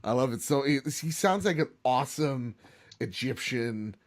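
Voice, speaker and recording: A man's voice: mid-range voice, animated, moderate pace. Male podcast host, mid-range voice, loose joking delivery. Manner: joking, rambling, lots of fillers. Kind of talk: casual chat.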